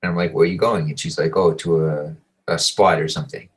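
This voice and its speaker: Deep-voiced man swearing through a rant. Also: fairly quick, poor audio. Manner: profane, animated, swears constantly. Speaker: host. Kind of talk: casual storytelling monologue. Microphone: home recording setup.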